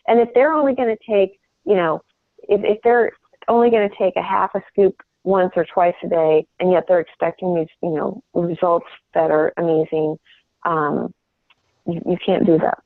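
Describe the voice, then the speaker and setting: A woman's voice: lowish voice, steady tone, moderate pace, no echo. A middle-aged woman giving a sales coaching talk from home, earnest and rambling, often restarting her sentences. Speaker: sales trainer. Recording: tinny phone line.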